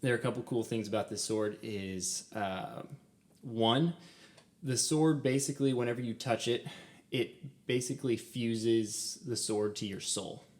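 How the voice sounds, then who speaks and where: A man's voice: mid-range voice, a little slow. A young man co-hosting a casual podcast about a film. He talks eagerly with many "um"s and laughs often. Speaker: podcast co-host.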